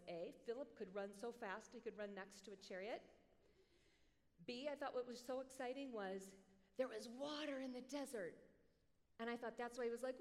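A woman preacher giving a sermon in an animated, conversational way, with joking asides, in a large hall. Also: fairly high pitch. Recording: long hall reverb.

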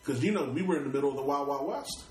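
A middle-aged Brooklyn rapper with a New York accent tells stories in an interview, speaking very fast in a mid-range voice. His style is casual and streetwise, with repeated and restarted words and free swearing. The audio is poor, in an echoey room.

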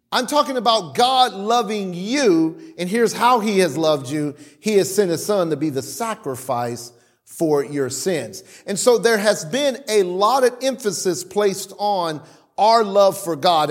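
A man preaching a sermon in an animated way, sometimes acting out the voices of worshippers. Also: sits high. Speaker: pastor.

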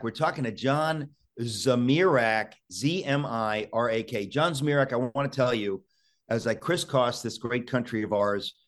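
A male talk show host urgently exhorting his listeners, often restarting words in a rush. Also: mid-range voice.

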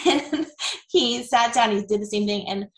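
Gravelly woman, chatty and candid. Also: a little high, measured pace, fairly bright tone, echoey room, low-quality recording. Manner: candid and chatty, with frequent fillers and laughs. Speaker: guest. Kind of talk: casual interview.

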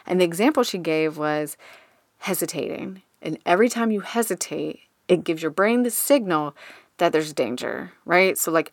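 A woman's voice: fairly low pitch, moderate pace, dry recording, clean studio sound. A woman hosting her own podcast, talking candidly in a casual solo monologue and swearing now and then. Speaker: podcast host. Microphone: studio microphone.

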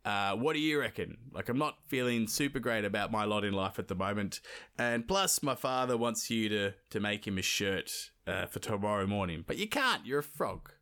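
A man's voice: on the low side, animated, normal speed, bright, forceful tone. A man playing a glum young prince who rambles on in complaint.

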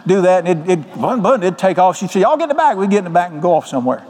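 A man's voice: high voice, very fast, darkish tone. An older man preaching a sermon as pastor, folksy and joking. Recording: long hall reverb.

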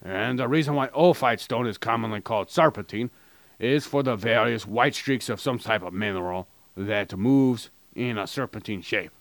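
Gravelly guy rambling on a podcast, dry close mic, cracking crude jokes. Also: mid-range voice, normal speed, no room sound. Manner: rambling, joking, mock-advertiser voice. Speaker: podcast co-host. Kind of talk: crude comedic podcast banter.

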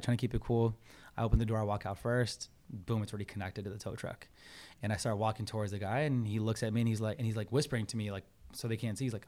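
A fast-talking man tells a personal story in a casual interview, acting out what people said and dropping "bro" and "man" often. His voice sits fairly low. He keeps the talk loose and full of swearing. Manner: animated storyteller, acts out quotes, swears, says "bro" and "man". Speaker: podcast guest.

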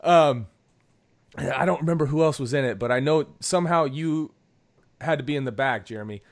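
A man's voice: mid-range voice, normal speed, creaky. A young man telling a funny story to friends in casual chat, acting out the quotes in raised voices and laughing as he goes.

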